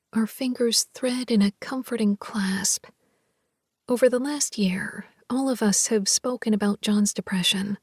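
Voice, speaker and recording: A woman narrating a first-person romance audiobook in a soft, half-whispered, intimate delivery. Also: a little high, breathy edge, no room sound, clean studio sound.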